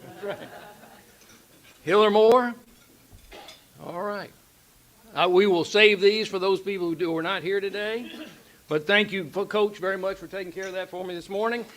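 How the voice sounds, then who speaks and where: A man's voice: high-pitched, fairly even intonation, fairly quick, a bit bright. A man reading out member names and urging new members at a club meeting. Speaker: club officer.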